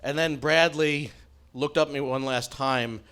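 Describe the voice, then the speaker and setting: A middle-aged man telling a self-mocking comic story on stage in a wry, animated way. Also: a little high, measured pace, a little hiss or hum.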